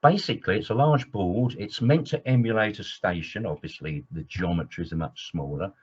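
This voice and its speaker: A man with a fairly low voice lectures in a webinar as an engineering trainer. He is keen and wanders into side stories, with plenty of ums and uhs. The sound is dull and lo-fi. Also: moderate pace, husky. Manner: enthusiastic, digressive, with many fillers.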